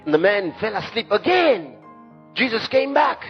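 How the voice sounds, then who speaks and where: A pastor preaching a sermon emphatically, with sudden shouts and dramatic drops. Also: male voice, high voice, sing-song, moderate pace. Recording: dull lo-fi sermon recording with faint music.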